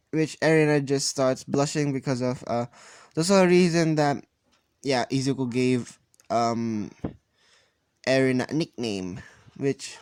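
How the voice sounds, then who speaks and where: Rambling, halting male storyteller. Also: mid-range voice, darkish tone, clear, resonant tone, dry recording. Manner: rambling, halting, self-correcting. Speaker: fan storyteller. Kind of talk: casual improvised fan-story narration.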